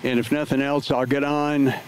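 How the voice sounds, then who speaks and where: A man's voice: mid-range voice, little pitch movement, normal speed, a little hiss or hum, rough recording. A man livestreaming from his home flight sim setup, talking casually through each step with lots of filler words. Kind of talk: casual live play-by-play narration.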